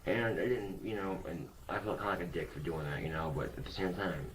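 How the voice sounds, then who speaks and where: A man's voice: low-pitched, brisk, a little hiss or hum, rough recording. A young man talking casually into a webcam, rambling and blunt, swearing often. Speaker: vlogger.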